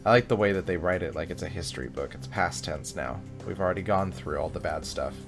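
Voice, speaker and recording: Low-voiced man narrating gameplay. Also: fast talker, music in the background. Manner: chatty, joking, reads game text aloud. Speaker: gaming video host. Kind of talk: let's play commentary.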